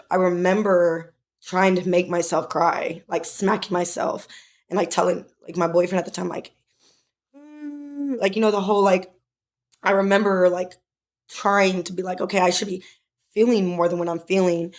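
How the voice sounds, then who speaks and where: A woman's voice: lowish voice, level tone, moderate pace. A young adult woman co-hosting a podcast, telling a personal story in casual, emotional chat with many fillers. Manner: emotional, tearful at times, filler-heavy. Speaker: podcast co-host.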